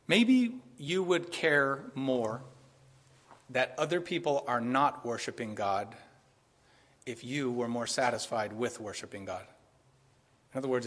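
A man preaching a sermon with emphatic, repetitive, animated delivery, addressing his congregation. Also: medium pitch, slightly rough, long reverb tail.

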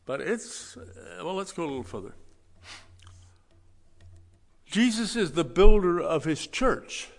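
Male pastor, fairly high voice, folksy and emphatic sermon delivery, long hall reverb. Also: sing-song, moderate pace. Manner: emphatic, swings between loud stresses and quiet asides; folksy, conversational preaching.

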